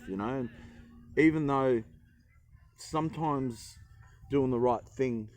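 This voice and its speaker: A man with a mid-range voice speaks at a moderate pace as he cooks in the forest for his travel vlog. He rambles casually and keeps joking about himself.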